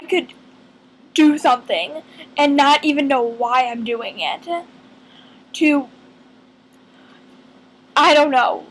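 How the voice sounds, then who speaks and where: A woman talks to her camera in an unhurried, meandering way, working out her thoughts as she goes. Her voice sits high, and she takes her time, pausing often between ideas. She sounds earnest throughout. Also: a bit bright, poor audio. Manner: earnest, rambling, thinks aloud with many pauses. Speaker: vlogger. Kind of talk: casual fan chat to camera.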